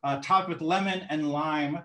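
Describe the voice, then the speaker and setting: A man's voice: a little high, fairly even intonation, normal speed, a bit bright, reverberant. A man hosting a cooking contest over a video call, chatty and jokey, with a playful, teasing way of talking. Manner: chatty, jokey, hums to himself. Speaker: host.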